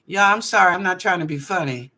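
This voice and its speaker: Bright, animated woman psychic host. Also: on the low side, fast talker. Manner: animated and playful, drawing out phrases, chatty asides. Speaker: psychic reader and show host. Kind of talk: live online psychic readings for viewers. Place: apartment at home.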